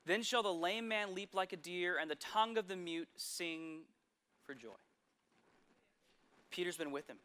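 A man preaching a sermon, retelling scripture stories with lively asides and sudden drops to a hush. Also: high voice, unhurried, pauses often, clean tone.

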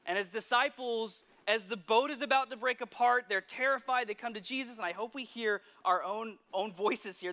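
A man preaching a sermon, retelling scripture stories with lively asides and sudden drops to a hush. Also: very high voice, moderate pace, few pauses.

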